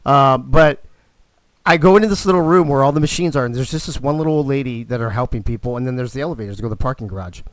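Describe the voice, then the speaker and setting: A man hosting a live stream, telling stories in a casual, animated way and swearing constantly. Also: medium pitch, dry recording. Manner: profane, animated, fired-up storyteller. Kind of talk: casual storytelling.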